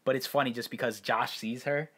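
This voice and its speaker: A man's voice: medium pitch, steady tone, a little fast, fairly bright tone, husky. A young man co-hosting a podcast, chatting casually and rambling with lots of filler words. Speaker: podcast co-host. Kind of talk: casual chat.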